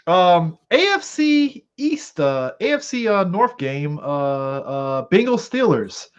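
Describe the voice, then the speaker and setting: Male football podcast co-host, giggly and hesitant, lively pitch, muffled lo-fi audio. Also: takes it slowly, smooth. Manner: laughs often, hesitant fillers. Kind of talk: casual sports chat. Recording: dull lo-fi mic.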